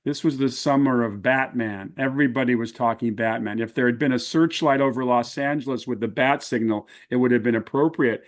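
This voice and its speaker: A man hosting an interview, chatting and reminiscing about films in a relaxed conversational way. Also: medium pitch, brisk, hardly any pauses. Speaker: interview host.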